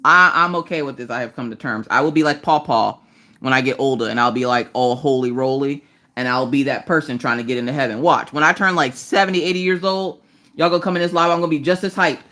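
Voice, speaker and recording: A woman whose voice is fast, pushed and bright chats casually while crafting on a live stream. Doing diamond painting, she jokes, makes fun of herself, and switches into high squeaky voices to say hello to viewers.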